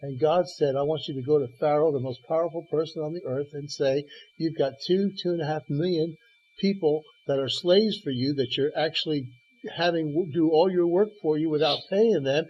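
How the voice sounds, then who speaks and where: A man's voice: on the high side, a little fast, a little hiss or hum. A man preaching on a radio program, telling Bible stories with quoted dialogue and stammered restarts. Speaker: guest preacher. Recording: dull lo-fi radio broadcast.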